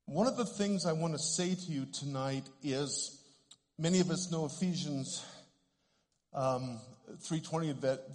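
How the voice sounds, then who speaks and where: A man in his sixties preaching a sermon, telling stories earnestly and growing animated at the high points. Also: big-room sound. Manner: earnest storyteller, animated when telling of healings. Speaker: ministry director. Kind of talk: sermon with storytelling.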